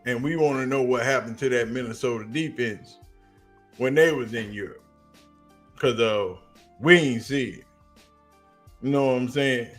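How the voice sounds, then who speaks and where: A man with a Southern US accent giving a casual, animated sports commentary on a livestream, telling stories in slang. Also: medium pitch, normal speed, long pauses, faint music behind.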